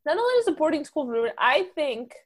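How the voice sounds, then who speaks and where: A woman's voice: high voice, fast talker. A woman co-hosting a podcast, chatting casually about films with lots of restarts and "like"s. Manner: chatty, many restarts and "like"s, lively opinions. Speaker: podcast co-host. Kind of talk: casual film discussion.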